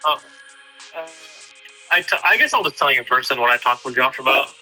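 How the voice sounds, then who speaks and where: A man's voice: mid-range voice, animated, fairly quick, sharp tone, soft background music, low-quality recording. A man chatting casually with a friend, retelling a talk hesitantly with lots of fillers and "he's like". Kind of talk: casual chat.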